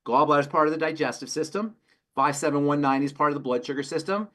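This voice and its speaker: A man, a pharmacist on a health show, answering questions in an emphatic, rapid-fire way and repeating his key phrases. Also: fairly high pitch, fairly bright tone. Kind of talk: call-in health talk.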